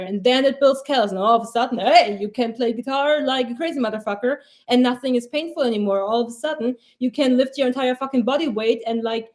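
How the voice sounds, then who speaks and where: A woman's voice: sits high, a little mellow. A young woman giving a casual, rambling pep talk as a mindset coach on a live stream, blunt and swearing freely.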